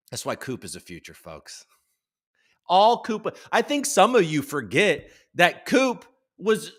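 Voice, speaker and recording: A man's voice: high-pitched, a bit bright. A man hosting a live crypto show, ranting in a profane, rambling way and mocking others in put-on voices. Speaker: livestream host.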